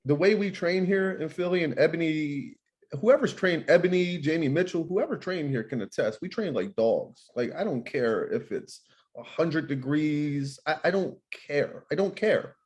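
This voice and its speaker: A man with a somewhat high voice for a man, speaking as a boxing trainer and manager in a casual interview. He talks emphatically, stumbling over repeated words as he builds his point. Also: animated, moderate pace, darkish tone.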